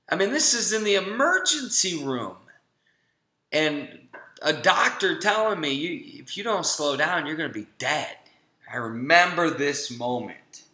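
A man's voice: a little high, sharp tone. A man in his thirties giving a motivational webinar talk, telling a personal story and acting out the voices he quotes. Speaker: webinar speaker. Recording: echoey room.

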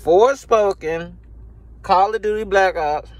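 A man's voice: high-pitched, slow pace, dry recording. A man ranting casually and profanely to camera about video games, laughing often, recorded on a phone. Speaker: gaming YouTuber.

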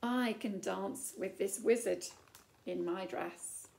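A woman's voice: medium pitch, slow pace, creaky, a little mellow, pitched below the performer's own voice. A woman voicing a spirited, defiant young princess in a children's story, boasting boldly. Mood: proud. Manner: bold, determined boasting.

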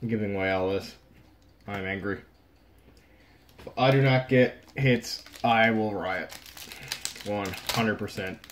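A young man casually talking through opening trading card packs on a vlog, frustrated, swinging between low muttering and sudden outbursts. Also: steady tone, measured pace, slight background noise. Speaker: card pack opener.

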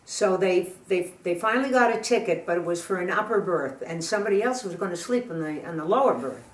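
An older woman telling jokes in a chatty, halting way, laughing at her own punchlines. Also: fairly low pitch, animated. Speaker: guest storyteller. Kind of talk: telling jokes in casual chat. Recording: roomy sound from a distant mic.

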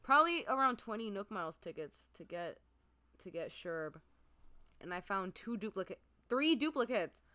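A woman streamer chatting casually as she plays a game, gushing and excitable, with a mid-pitched voice. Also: normal speed. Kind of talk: casual gameplay commentary.

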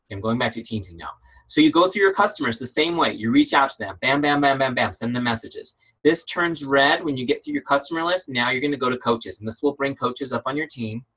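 A man's voice: lowish voice, a bit bright, rough recording. A middle-aged man leading a business training webinar, emphatic and fired up, repeating his key points. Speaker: business coach.

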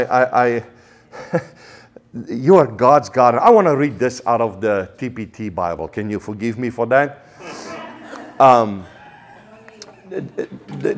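A man with a South African accent preaching a sermon passionately, with frequent stammered restarts. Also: mid-range voice.

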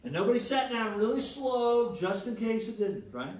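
A pastor preaching a conversational sermon, animated and joking, checking in with the congregation with frequent "right?". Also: male voice, high voice, normal speed. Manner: animated, jokes and acted-out quotes. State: jet lagged. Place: church hall with congregation. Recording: echoey hall, mic at a distance.

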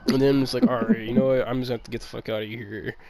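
Gravelly man telling a rambling story. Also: medium pitch, steady tone, rapid-fire, poor audio. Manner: rambling, profane storytelling, acts out dialogue. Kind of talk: casual chat. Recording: crowd chatter behind.

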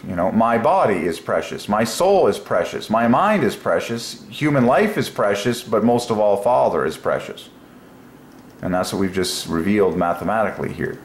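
A man hosting a casual solo video, musing aloud and breaking into excited exclamations. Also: lowish voice, normal speed. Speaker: religious video host. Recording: echoey room with faint noise.

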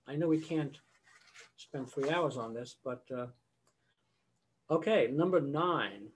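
Speaking slowly in a husky, medium-pitched voice, this older choral conductor lectures conversationally over a video call. Mid-explanation, he sings phrases to illustrate his points.

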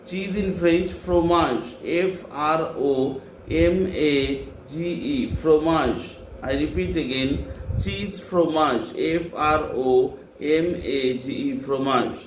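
A man's voice: a little high, takes it slowly. A male French teacher, patiently repeating each word and spelling it out letter by letter for a class. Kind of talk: slow classroom dictation, spelling words letter by letter. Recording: echoey classroom with faint hum.

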